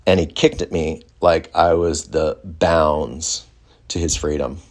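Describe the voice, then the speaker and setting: A man with a deep, low-pitched voice tells a story from his own life in a loose, conversational way. He drifts and restarts his sentences and leans on fillers while he reflects. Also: steady tone, slow pace. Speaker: storyteller recounting a personal experience. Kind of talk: casual first-person storytelling.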